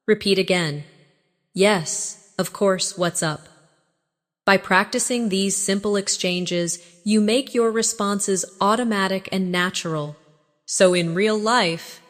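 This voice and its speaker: Woman teacher, unhurried instructive read, roomy reverb tail, for a language-lesson voice-over. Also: medium pitch. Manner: slow, even, instructive delivery with repeat-after-me drills. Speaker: English teacher. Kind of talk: scripted lesson narration.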